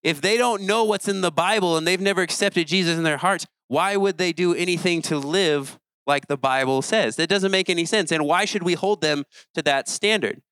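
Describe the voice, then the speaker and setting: Youth pastor, male, higher register, earnest conversational preaching, dry close sound. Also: fairly bright tone, no echo, poor audio. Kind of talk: sermon.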